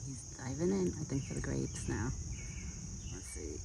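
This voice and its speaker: A vlogger feeding a deer outdoors, switching between soft, sing-song baby talk to the animal and relaxed, chatty asides to the viewer. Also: mid-range voice, moderate pace, creaky, noisy background. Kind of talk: casual vlog narration mixed with talk to an animal. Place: outdoors in a rural yard. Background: crickets and faint outdoor ambience.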